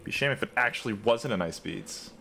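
A man's voice: mid-range voice, lively intonation, quick pace, gravelly, pushed and bright, a little hiss or hum. A young man giving live commentary over his own game, trash-talking opponents and joking with heavy profanity. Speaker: gaming content creator.

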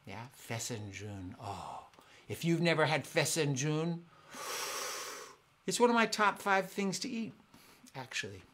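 A man hosting a live-streamed family concert, chatting excitedly with viewers at home between songs. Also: a little high, a little slow, pauses often, a little hiss or hum. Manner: excitable, chatty, warm with kids. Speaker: family concert singer and host. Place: home in Southern California.

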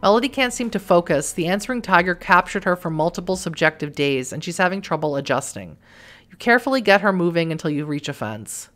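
A woman's voice: lowish voice, sing-song, fast, fairly bright tone, soft background music. A woman hosting a let's play, reading the game's text aloud with wry, joking asides.

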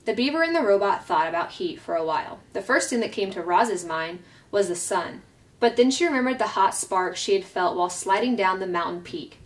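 A woman reading a children's novel aloud at a steady, clear pace. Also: medium pitch, a little fast. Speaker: storyteller. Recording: voice picked up from a distance.

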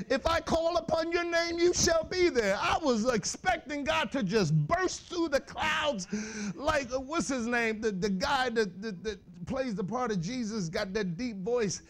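Male preacher, high voice, animated church sermon. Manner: animated, shouting bursts, laughing asides, slangy. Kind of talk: lively sermon to youth.

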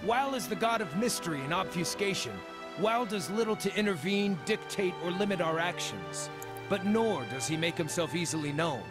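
A man voicing a friendly, easygoing male druid wanderer, reading the game's dialogue aloud in a relaxed, good-humored way over faint game music. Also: sits high, moderate pace.

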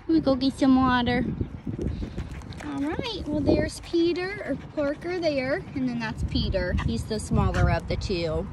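A woman's voice: sits high, lively intonation, a little slow. A woman showing her puppies outdoors, coaxing them in a sing-song voice and laughing often, with outdoor noise behind her. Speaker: dog breeder showing puppies. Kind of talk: casual outdoor video with pets. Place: outdoors in a yard on a breezy day.

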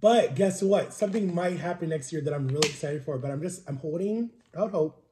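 A man's voice: fairly high pitch, fairly quick, reverberant, noisy background. A young man chatting casually while eating on camera, venting in a rambling, frustrated way while sick with a cold. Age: young adult. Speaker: vlogger. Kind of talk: casual mukbang vlog chat.

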